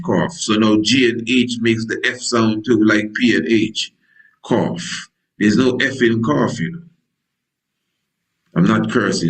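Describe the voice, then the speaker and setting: A man's voice: on the low side, poor audio. A male priest preaching a sermon in a folksy, digressive way, full of wordplay, who acts out scripture dialogue in different voices.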